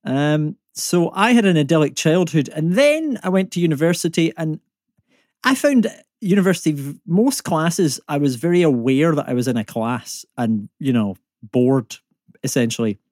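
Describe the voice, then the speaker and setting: A man's voice: a little high, lively intonation, moderate pace, a little mellow, no echo. Chatty Scottish man, dry sound. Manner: chatty, self-deprecating, many fillers and restarts. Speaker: climate economist and comedian guest. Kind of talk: casual podcast conversation.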